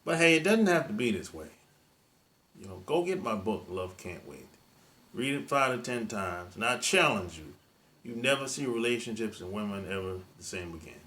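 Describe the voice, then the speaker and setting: A man's voice: fairly low pitch, big pitch swings, moderate pace, bright, forceful tone. A man giving dating advice in a monologue, emphatic and repetitive, in casual speech with dropped verb endings. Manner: colloquial, drops verb endings. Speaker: dating coach.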